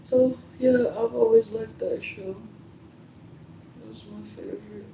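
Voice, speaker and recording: A young man chatting casually and meanderingly, soft-spoken with frequent fillers and pauses. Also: extremely high pitch, steady tone, creaky, muffled recording, slight background noise. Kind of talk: casual rambling chat. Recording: echoey room, mic at a distance.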